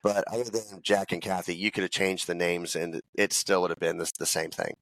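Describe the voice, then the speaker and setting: Candid low-voiced male guest, dry sound. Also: fairly even intonation, brisk, fairly bright tone, no room sound, poor audio. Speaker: podcast guest. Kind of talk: casual chat.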